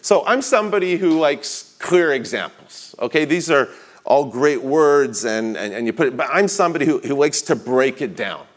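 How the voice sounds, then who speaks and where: A male preacher at an ordinary middle pitch, teaching a congregation with earnest conviction. He slows down and leans on key words when reading scripture and quotations, with small restarts between thoughts. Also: lively intonation. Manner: earnest teaching, reads scripture and quotes with slow emphasis; slight restarts and repeated words. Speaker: pastor. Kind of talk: sermon.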